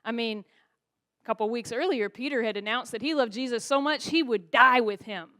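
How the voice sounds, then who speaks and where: A woman's voice: a little high, a little fast, fairly bright tone. A woman pastor preaching a sermon in a church, asking the congregation rhetorical questions. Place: church sanctuary.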